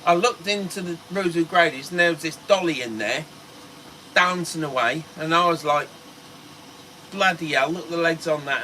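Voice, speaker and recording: A man's voice: medium pitch, bright, forceful tone, a little hiss or hum, poor audio. A middle-aged man with a Norfolk accent, chattily rambling through a story on a fishing livestream as its host. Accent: Norfolk English. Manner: chatty, rambling, laughs as he talks.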